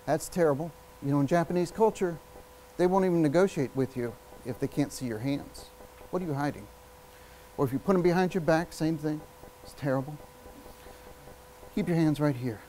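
A man giving a live public speaking workshop, energetic and emphatic, shifting his speed and volume and using long pauses. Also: a little high, slight background noise, rough recording. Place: workshop room with an audience.

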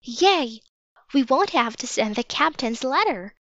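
A woman's voice: sits high, no echo, dull audio, pitched above the performer's own voice. A woman doing an eager young girl. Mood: excited. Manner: quick and cheerful.

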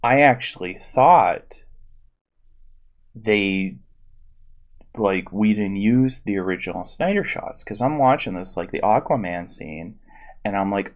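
A man's voice: on the low side, lively intonation, measured pace. A man giving a casual, rambling movie review, wry and hesitant with lots of fillers. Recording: audio popping.

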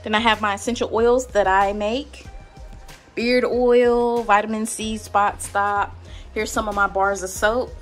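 A young adult woman walks through her spa room, chatting casually and filling her pauses with "like" and "um". Her voice sits in a middle pitch, and faint music plays quietly under her talk. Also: steady tone. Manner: chatty, filler-heavy listing with many "like" and "um". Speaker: spa owner giving a room tour. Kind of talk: casual walkthrough vlog. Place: indoor spa treatment room.

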